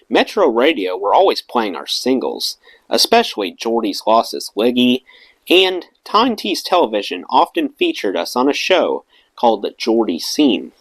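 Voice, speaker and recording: A man's voice: mid-range voice, dry recording. A man reading a memoir aloud for an audiobook channel, telling it expressively. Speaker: audiobook reader.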